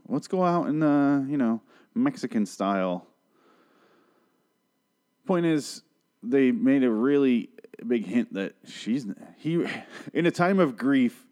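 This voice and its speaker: A young man casually recaps a TV episode, rambling and sarcastic, swearing freely and slipping into quick mock voices for the characters. His medium-pitched voice is darkish and clean in tone.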